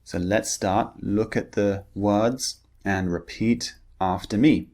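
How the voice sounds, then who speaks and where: A man teaching pronunciation, speaking slowly and deliberately and drawing out vowel sounds for learners to repeat. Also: on the low side, steady tone, a little mellow. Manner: slow, deliberate, drawn-out vowel demonstrations. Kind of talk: lesson with repeat-after-me drills.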